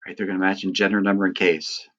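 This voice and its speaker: A man teaching a lesson, talking through examples in a relaxed, explaining way with lots of "uh" and "right". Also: deep voice, fast talker, lo-fi sound. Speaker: Greek teacher. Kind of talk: recorded lecture.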